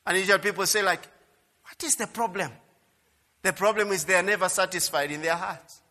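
A high, bright male voice preaching with fervor, dropping low and then rising to near shouts as he repeats his points. His words ring out with a long reverb, as if filling a large hall. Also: fairly quick. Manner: emphatic preaching, swings from quiet to loud, repeats phrases. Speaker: pastor. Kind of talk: sermon.

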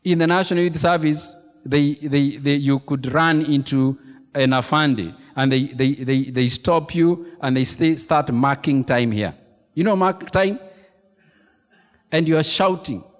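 A man preaching a sermon as pastor, animated and emphatic, repeating key phrases and throwing questions to the congregation. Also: fairly high pitch, a little slow. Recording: long reverb of a large hall.

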